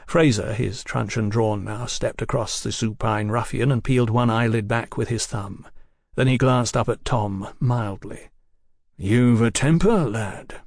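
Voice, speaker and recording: A man narrating an audiobook in an expressive storytelling manner. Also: on the low side, moderate pace, vocal fry, no echo, studio quality. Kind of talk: scripted narration.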